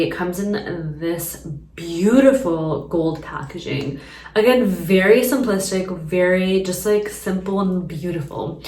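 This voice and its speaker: Chatty young woman in an echoey room. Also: fairly low pitch. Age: young adult. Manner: chatty, rambling, lots of "like" fillers. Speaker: beauty vlogger. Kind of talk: casual makeup tutorial chat. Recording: echoey room, mic at a distance.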